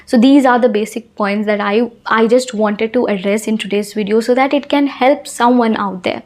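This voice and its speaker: A woman's voice: on the high side, moderate pace, darkish tone. A woman giving an earnest talk to camera on speaking with confidence, repeating her points for emphasis. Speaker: English-speaking coach.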